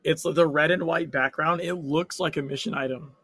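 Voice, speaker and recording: A hoarse man with a sore throat, chatting and swearing excitedly while playing an online game with friends. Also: fairly high pitch, moderate pace, no room sound. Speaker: fellow player. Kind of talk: casual gaming chat.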